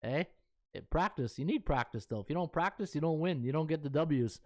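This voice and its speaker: A man's voice: fairly high pitch, lively intonation, fairly quick, darkish tone. A middle-aged man, a sports betting handicapper chatting casually on a live stream and thinking aloud as he scrolls through stats.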